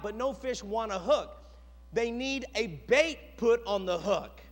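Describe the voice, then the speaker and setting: Man preaching, animated storyteller, swoopy high voice, echoey hall. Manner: animated storytelling, dramatic pauses. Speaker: pastor. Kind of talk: sermon. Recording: long echoey hall reverb.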